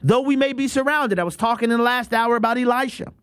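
A man with a high voice preaches with emphasis, often repeating himself as he restarts a thought. He delivers a radio sermon with an appeal for donations. The sound is dry and close. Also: fast, fairly bright tone, clean tone, no room sound.

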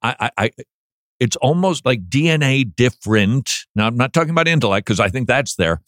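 A man hosting a casual talk show, playful and teasing, with animated asides. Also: mid-range voice, fairly quick, no room sound, studio quality. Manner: playful, mocks flat reading with droning voice. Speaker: podcast host. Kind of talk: casual chat.

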